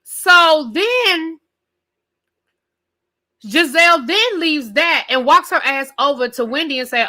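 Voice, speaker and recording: This is a woman ranting through a live review of a reality show. Her voice is bright and sits a little high. She is animated and full of profanity, and she keeps speaking directly to her audience. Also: slow, pauses often. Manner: direct address to viewers.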